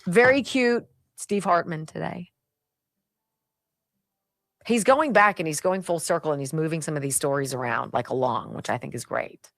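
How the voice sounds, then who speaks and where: A woman's voice: low voice, moderate pace, vocal fry, long pauses, no room sound. A middle-aged woman hosting a radio talk show, opinionated and sarcastic, laughing often.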